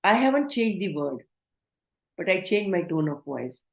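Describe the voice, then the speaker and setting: A woman's voice: lowish voice, big pitch swings, normal speed, highs cut off. A woman giving an online training lecture, instructive and asking the class questions. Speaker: communication trainer. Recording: roomy echo.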